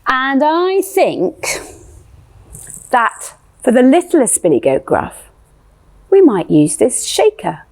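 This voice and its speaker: A woman's voice: sits high, huge pitch swings, slow, pauses often, darkish tone. A woman leading a playful music lesson for young children, asking sing-song questions.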